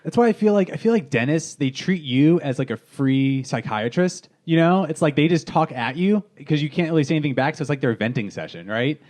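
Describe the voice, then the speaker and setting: A man with a fairly high voice riffs wryly on the others' stories during a casual podcast chat. He sounds amused and quick to weigh in. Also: lively intonation, darkish tone. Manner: wry commentator, riffs on others. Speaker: podcast co-host.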